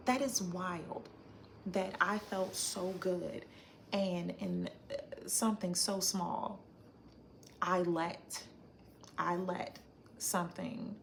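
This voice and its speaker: A woman hosting a casual livestream, reading viewer comments aloud and reflecting in a chatty, thinking-out-loud way. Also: on the low side, a little hiss or hum. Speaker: livestream host.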